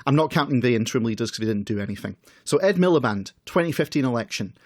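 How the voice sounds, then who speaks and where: A man's voice: medium pitch, animated, fast, no echo, studio quality. A man co-hosting a casual podcast, reading out manifesto passages and adding wry comments. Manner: wry, reads quotes then comments dryly. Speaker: podcast co-host.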